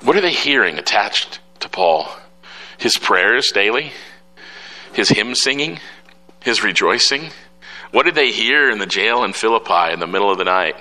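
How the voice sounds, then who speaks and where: A middle-aged pastor delivers a sermon, hammering home phrases through repetition. His lowish voice swings widely in pitch. The tone is bright and forceful. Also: normal speed, soft background music, low-quality recording. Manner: animated, emphatic, repeats phrases.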